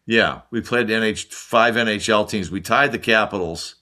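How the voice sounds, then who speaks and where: Older American man, bright lowish voice, lively anecdote-teller on a podcast. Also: normal speed. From United States. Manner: animated anecdote-telling with mimicked voices and laughs. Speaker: podcast guest, former hockey player. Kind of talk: casual storytelling.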